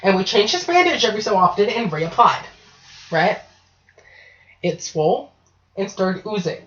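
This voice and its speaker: A woman's voice: mid-range voice, very animated, moderate pace, fairly bright tone. Chatty woman telling a story, lo-fi sound. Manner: swearing, chatty, often asking 'right?'. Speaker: podcast host. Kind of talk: casual storytelling. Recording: dull lo-fi online call audio.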